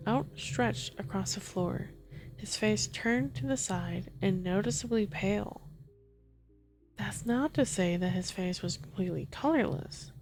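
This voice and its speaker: A woman reads a first-person horror story in a soft ASMR delivery. Her voice sits in a plain middle range and stays steady. Faint music plays quietly behind her. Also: medium pitch. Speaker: story narrator.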